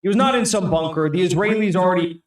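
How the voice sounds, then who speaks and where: Man, co-host, casual chat, fairly high pitch, roomy echo, point-by-point. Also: fast talker, far from the mic.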